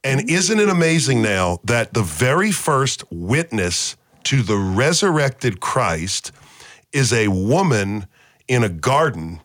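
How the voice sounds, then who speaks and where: A man's voice: medium pitch, big pitch swings, slow pace, fairly bright tone, dry recording, studio quality. A man leading a casual Bible study discussion, quizzing the group with questions and repeating key words as he teaches.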